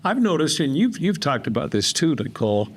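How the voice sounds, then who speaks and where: A man's voice: fairly high pitch, sing-song, fairly quick, slight background noise. A man hosting a podcast interview and prompting his guests with follow-up questions. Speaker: podcast host. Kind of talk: casual interview.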